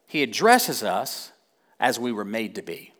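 A man's voice: on the low side, sing-song, unhurried, a bit bright. A man preaching a sermon, impassioned and building repeatedly to emphatic peaks. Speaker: pastor.

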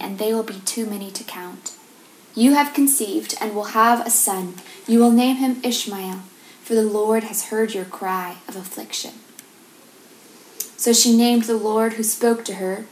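A woman giving a devotional talk, reading scripture and reflecting on it in a measured, gentle way. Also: medium pitch, a little hiss or hum. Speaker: devotional speaker. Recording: roomy echo.

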